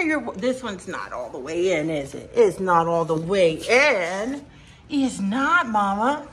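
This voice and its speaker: A woman's voice: fairly low pitch, animated, measured pace, a bit bright. A woman hosting a casual unboxing vlog, playful and sing-song, chatting to her dogs as she goes. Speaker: vlog host.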